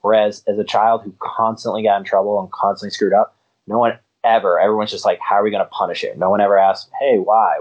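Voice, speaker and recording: A man's voice: on the low side, fairly even intonation, quick pace, highs cut off. A man co-hosting a podcast in casual chat, telling self-deprecating stories with jokes. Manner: self-deprecating, jokey storytelling. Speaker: podcast co-host.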